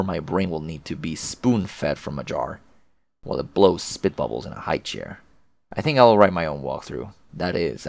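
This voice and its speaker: A man's voice: low-pitched, vocal fry, no echo. A man reading a webcomic aloud with casual, profane, chatty commentary. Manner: chatty, profane, laughs often. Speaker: webcomic reader, video host.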